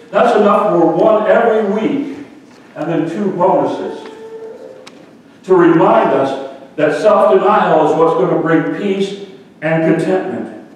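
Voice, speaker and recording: A man's voice: fairly high pitch, far from the mic, slight background noise. A man preaching a sermon to his congregation, telling a folksy story and speaking to the room directly. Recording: echoey hall, speaker off the mic.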